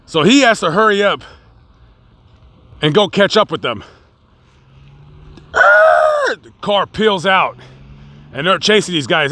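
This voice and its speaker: A man narrating a true crime story in a casual, dramatic vlog style, building excitement and acting out quotes. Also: high voice, takes it slowly, long pauses, no echo. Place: outdoors on location.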